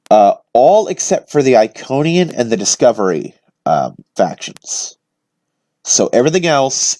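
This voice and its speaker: A man's voice: on the low side, darkish tone, no echo. A young man hosting his own weekly vlog, chatting in a loose, rambling way with lots of fillers and restarts. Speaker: vlog host. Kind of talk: casual rambling chat.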